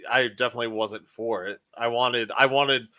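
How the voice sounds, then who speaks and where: A man's voice: mid-range voice, steady tone, normal speed, pushed and bright. A man hosting a casual sports podcast, rambling and emphatic, often restarting his sentences. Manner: rambling, self-correcting, emphatic. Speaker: podcast host.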